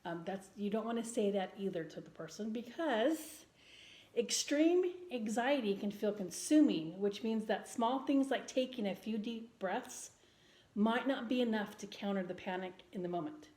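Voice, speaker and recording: A woman vlogger in casual chat, speaking earnestly and gently with frequent ums and restarts. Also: medium pitch, expressive, normal speed. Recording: roomy indoor echo.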